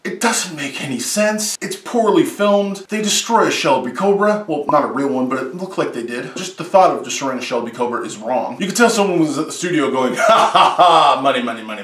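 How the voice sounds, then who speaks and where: A man's voice: medium pitch, echoey room, distant mic. A man hosting a comedic top-list movie review, sarcastic and full of jokey asides.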